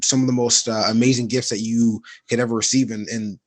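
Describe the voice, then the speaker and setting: Man, casual podcast talk, halting and thoughtful, mid pitch, dry close sound. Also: flat delivery, no room sound. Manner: halting and reflective, many fillers. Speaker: podcast co-host.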